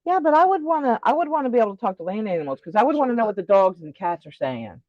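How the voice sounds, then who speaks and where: High, bouncy man bantering on a live stream. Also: sing-song, racing, no room sound, lo-fi sound. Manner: teasing, playful banter. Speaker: co-host of a live spiritual chat stream. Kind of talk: casual live-stream chat.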